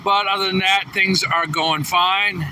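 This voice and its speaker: A tired trucker livestreaming outdoors, chatting casually and reading viewer comments aloud. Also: male voice, steady tone, a little slow, pushed and bright. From New England. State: a little tired. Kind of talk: casual live stream chat. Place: outdoors at a truck distribution center. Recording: distant phone mic with faint traffic noise. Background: trucks rumbling.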